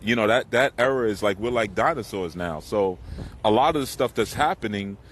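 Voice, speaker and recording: Wind noise fills this rough outdoor recording of a middle-aged spiritual teacher speaking by the water. His fairly low voice moves fairly quickly as he rambles casually and uses profanity.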